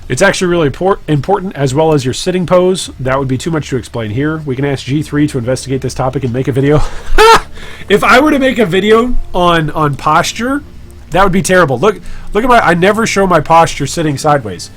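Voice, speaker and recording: A man with a slightly higher voice hosts a casual live stream while he trades. He chats with viewers in a joking, self-deprecating way, and soft music plays underneath. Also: fast. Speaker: gaming streamer and guild leader.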